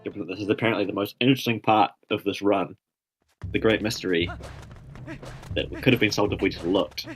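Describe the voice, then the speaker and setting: A man with a fairly low voice casually commentates a live speedrun race. He sounds laid-back and a little tired, laughing easily. Quiet music plays in the background. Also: steady tone, fairly quick, pauses often.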